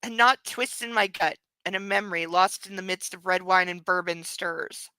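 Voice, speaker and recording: Woman, book club host, reads aloud, sarcastic asides, laughs often, bright tense voice, dry close sound. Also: fairly low pitch, fairly even intonation, moderate pace, hardly any pauses, clean tone, no room sound, low-quality recording. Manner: mocking asides between read passages. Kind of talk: reading aloud with sarcastic commentary.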